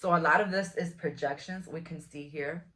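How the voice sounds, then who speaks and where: Young ny woman doing a tarot reading, kinda low but punchy bright voice, super frank and chatty. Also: steady tone, moderate pace. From Brooklyn, New York. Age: 20s. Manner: frank, chatty, blunt with the odd curse. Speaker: tarot reader. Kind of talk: casual tarot reading to camera.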